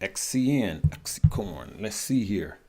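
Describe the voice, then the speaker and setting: Guy running a trading livestream, kinda low voice, laughs a lot, greets chat, thinks out loud on charts. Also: expressive, takes it slowly. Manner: chatty, laughs often, greets viewers by name; thinks aloud, trails off while checking charts. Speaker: livestream host for stock and crypto trading. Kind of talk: casual live-stream chat reading viewer comments.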